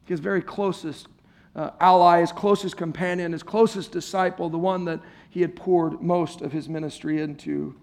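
High-voiced pastor preaching casually. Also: male voice, fairly even intonation, moderate pace, vocal fry, darkish tone. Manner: conversational and playful, jokes with the congregation. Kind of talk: sermon. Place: church service before a congregation.

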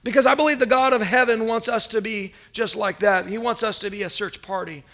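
A pastor in his thirties preaching to his congregation with a high, bright, ringing voice. He tells stories with a lot of energy, swinging from hushed asides to loud, punchy lines. He keeps asking the people in the room to repeat his words back to him. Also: brisk. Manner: animated, storytelling, swings between loud and soft; calls on the congregation to repeat phrases. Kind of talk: sermon.

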